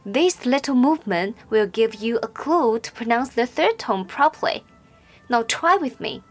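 A woman teaching Mandarin pronunciation in scripted narration, speaking slowly and carefully with clearly enunciated, drawn-out example syllables. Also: on the high side, lively intonation, faint music behind.

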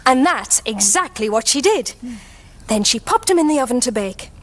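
A woman telling a children's story aloud in a lively, expressive way for a young audience. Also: a little high, normal speed, a little hiss or hum, natural voice.

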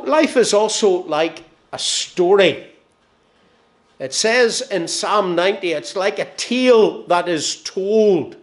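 A man in his sixties with a Northern Irish accent, preaching a sermon. He tells stories with gentle humour and lets his phrases fall soft and slow at the ends. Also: high-pitched. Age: 60s.

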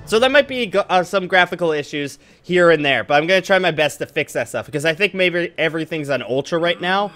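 A young man gives loose, goofy let's-play commentary, rambling as he plays. His voice is bright and lively and jumps up and down in pitch, with soft game music running underneath. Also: fairly quick, few pauses. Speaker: gaming channel host.

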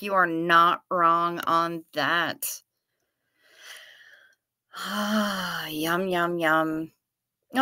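Minnesota lady hosting a livestream, bright forceful voice, dry close sound, easygoing and unhurried. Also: medium pitch, no room sound. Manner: chatty, playful, reads viewer comments aloud. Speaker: livestream host. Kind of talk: casual chat reading live comments.

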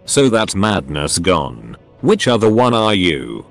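A man's voice: sits low, big pitch swings, takes it slowly, soft background music, exaggerated voice. A man voicing a shrewd male counselor who questions a suspect patiently and persistently, in a storybook reading. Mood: probing. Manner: probing and patient.

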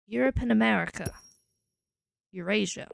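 A woman from Scotland streams a game, casually thinking aloud and musing as she tries out combinations. Her mid-range voice is creaky and moderately paced, recorded in clean studio sound with no echo.

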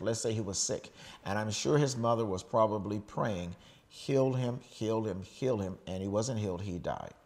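A middle-aged American man preaching a sermon in a relaxed, conversational way, often checking in with "okay?" and restarting his phrases. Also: mid-range voice. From United States. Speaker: pastor.

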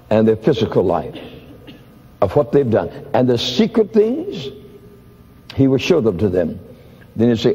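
An older man preaching a sermon, acting out conversations as he tells stories. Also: dark tone. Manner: storytelling, acts out dialogues with shifts in pitch. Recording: dull lo-fi audio in a reverberant hall.

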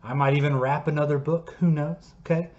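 A man coaching a home PE workout in his basement. He sounds upbeat and encouraging and ends most sentences with a quick "okay?" or "all right?". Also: on the high side, fairly even intonation, a little mellow. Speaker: PE teacher. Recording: echoey basement, slightly dull sound.

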